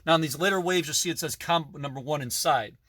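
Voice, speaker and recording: A man's voice: fairly high pitch, quick pace, pushed and bright, no echo. A middle-aged man casually narrating a tour of his collection in a basement, with frequent fillers and self-corrections. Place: basement room.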